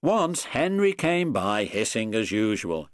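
A man narrating a children's story in a slow, animated reading. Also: on the low side, dry recording. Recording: dry close recording with soft music.

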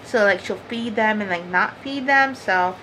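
A woman's voice: medium pitch, moderate pace, fairly bright tone, slight background noise, rough recording. A woman hosting a crafting vlog from home, talking casually to the camera in a rambling, chatty way with frequent laughs and lots of "like". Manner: chatty and rambling, laughs often, says "like" a lot.

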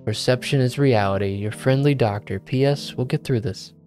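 A man's voice: mid-range voice, normal speed, darkish tone. A man playing a game and commenting in a playful way, joking and talking to himself. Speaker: gaming video creator. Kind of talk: let's play commentary. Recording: faint game music behind.

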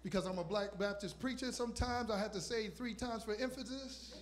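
High-voiced preaching man in his fifties. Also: a little fast. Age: 50s. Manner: emphatic preaching with repetition and call-outs. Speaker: pastor. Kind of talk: sermon.

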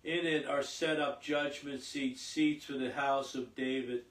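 Man, priest, slow halting homily, echoey church, heard from a distance. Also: mid-range voice, steady tone. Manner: slow, halting delivery with fillers and repeats. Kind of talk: Mass readings and homily.

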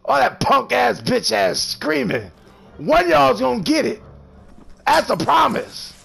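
A man's voice: very high-pitched, big pitch swings, unhurried, creaky, slight background noise. A man streaming a horror video game who taunts, curses and mock-threatens the other players nonstop. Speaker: gamer streamer. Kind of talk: trash-talking gameplay commentary. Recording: game music playing loudly behind.

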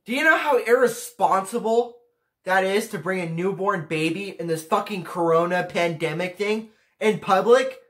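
A man's voice: high voice, normal speed, fairly bright tone. Profane, exasperated teenage boy ranting. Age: teens. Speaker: vlogger ranking pet peeves. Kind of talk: casual rant to camera.

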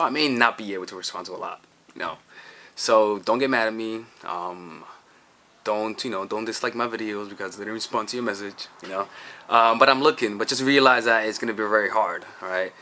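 A man's voice: fairly low pitch, sharp tone. A man giving casual dating advice as a coach, rambling with many restarts and checking in with "all right?" and "you see".

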